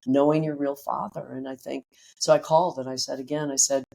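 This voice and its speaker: A middle-aged woman, a breathwork teacher, telling a personal story as a guest in a podcast interview. She is animated, acts out quotes and swears casually. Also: rumbling low, a little fast, vocal fry.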